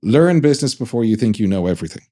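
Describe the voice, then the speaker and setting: Mellow-voiced man hosting a podcast. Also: on the low side, sing-song. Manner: laughs along, quick interjections. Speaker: podcast host. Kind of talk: casual interview chat.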